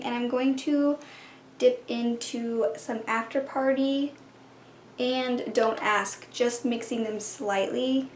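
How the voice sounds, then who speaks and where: A woman's voice: fairly high pitch, reverberant, slight background noise. A young woman narrating a casual makeup tutorial at home, chatty and walking through each step. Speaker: beauty vlogger. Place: home room.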